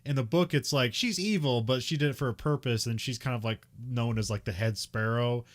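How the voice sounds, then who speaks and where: A man's voice: medium pitch, brisk. A man co-hosting a podcast, recapping a film in casual chat, rambling with lots of fillers and little laughs. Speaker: podcast co-host.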